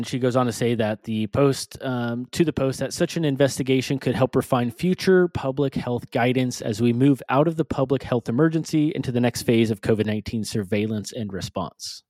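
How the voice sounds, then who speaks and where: Male podcast co-host, mid pitch, reads news with offhand stumbles; dry close mic. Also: moderate pace, darkish tone, no echo. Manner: reads news items aloud with stumbles and asides. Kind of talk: casual podcast chat.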